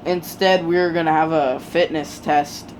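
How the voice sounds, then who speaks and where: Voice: mid-range voice, steady tone, a little slow, a little hiss or hum, lightly acted, rough recording. A storyteller voicing a curt, tired adult male teacher giving orders.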